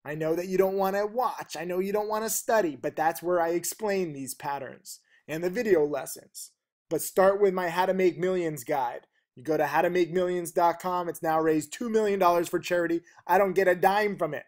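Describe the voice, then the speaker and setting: A man giving a fast, emphatic and blunt video lesson on trading, talking rapidly with fillers like "okay" and "you know". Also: high-pitched. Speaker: trading teacher.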